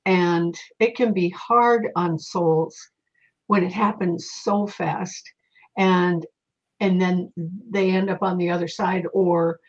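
A middle-aged woman with a husky, slightly breathy voice speaks as a medium guest in a casual interview. She tells her stories in a lively way, shifting into the voices of the people she quotes. The recording sounds a little dull and lo-fi. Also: fairly low pitch, slow pace.

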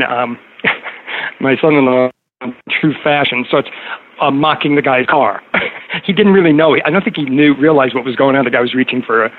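A middle-aged man telling a story in casual conversation, rambling with many fillers and restarts. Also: medium pitch. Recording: tinny phone-like line with faint noise.

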